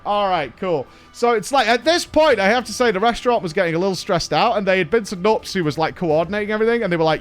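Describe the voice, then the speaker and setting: Guy on stream, high voice, swears a lot, laughs thru his stories. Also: fast, few pauses, faint music behind. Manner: animated, swearing, laughing through anecdotes. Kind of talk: casual storytelling on stream.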